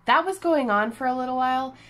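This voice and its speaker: A woman vlogger telling a personal story in a casual, animated, self-deprecating way with lots of fillers. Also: high voice, fast. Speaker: crafting vlogger.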